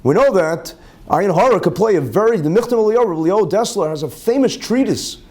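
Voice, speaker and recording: Man, rabbi, Talmud class, raised pitch, explains terms twice, Hebrew phrases mixed in. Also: quick pace. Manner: lively, rhetorical questions.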